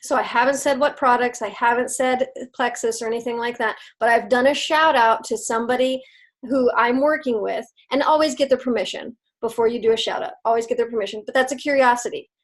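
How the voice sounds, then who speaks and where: Upbeat woman team leader, slightly high voice, casual video-call pep talk. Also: a little fast. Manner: upbeat, laughs often, chatty with fillers.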